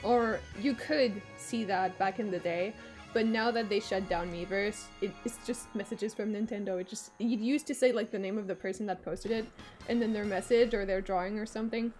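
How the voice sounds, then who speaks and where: A woman streamer giving live commentary as she plays, excitable, swearing and shrieking when things get fast. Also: mid-range voice, faint music behind. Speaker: gaming streamer.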